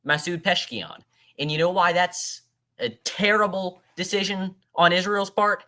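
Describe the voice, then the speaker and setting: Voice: mid-range voice, measured pace, pushed and bright. A political commentator reacting in a heated rant, scornfully talking back to a speaker as if face to face. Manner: ranting, addresses the speaker directly, scornful.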